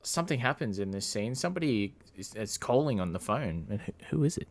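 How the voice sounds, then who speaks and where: A man's voice: on the low side, lively intonation, a little fast. A man co-hosting a podcast, recapping a film in loose casual talk full of fillers. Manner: rambling, lots of fillers and laughs. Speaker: podcast co-host. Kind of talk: casual movie review chat.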